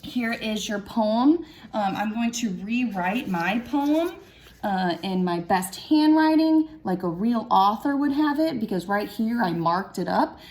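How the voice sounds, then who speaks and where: A woman's voice: medium pitch, expressive, a little mellow. Patient woman teaching, thinking aloud. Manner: thinks aloud, counts syllables slowly and patiently. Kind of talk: classroom lesson for children.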